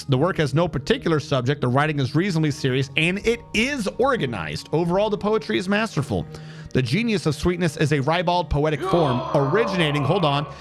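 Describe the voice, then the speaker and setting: A man streaming a strategy game, chatting casually and reading in-game text aloud with wry, sarcastic asides. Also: fairly high pitch. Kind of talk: casual gameplay commentary.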